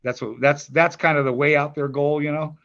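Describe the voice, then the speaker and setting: A man's voice: a little high, steady tone, a little fast, vocal fry, fairly bright tone, dull audio. An older man, a grandfather and musician, chatting in an interview, rambling with restarts and stammers. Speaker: musician guest. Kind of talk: casual interview chat.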